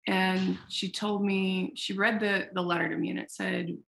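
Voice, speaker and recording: A woman founder talking casually in an interview, telling a story with animated, acted-out quotes and casual swearing. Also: medium pitch, moderate pace, gravelly. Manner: animated storyteller who acts out quoted dialogue. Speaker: founder of a sex tech company, podcast guest.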